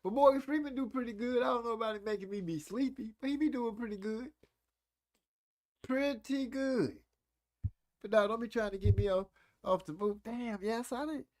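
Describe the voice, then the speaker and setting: Playful, lively-voiced streamer in his forties. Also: high-pitched. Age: 40s. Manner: playful, teasing, reads chat aloud. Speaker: live stream host. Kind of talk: casual live stream chat.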